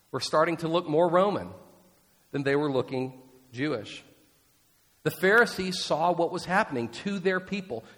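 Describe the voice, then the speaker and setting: A male pastor preaching a sermon, emphatic and expressive, posing rhetorical questions to his congregation. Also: a little high, big-room sound.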